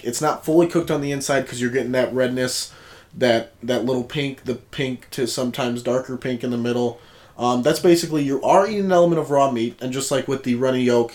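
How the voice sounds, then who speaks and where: A man's voice: mid-range voice, a little mellow. A man co-hosting a casual podcast, talking in a laid-back, joking way. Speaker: podcast co-host. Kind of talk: casual chat.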